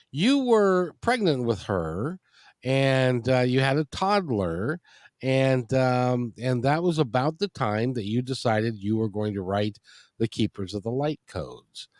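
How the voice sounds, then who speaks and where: Chatty rambling male radio host, lively pitch. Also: slow pace, no echo, clean studio sound. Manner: folksy, rambling with restarts. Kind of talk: casual interview chat.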